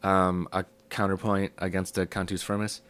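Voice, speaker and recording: A young man with a sick, hoarse voice, casually teaching a music theory lesson step by step. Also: low-pitched, normal speed, dry recording. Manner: relaxed, explaining step by step with fillers.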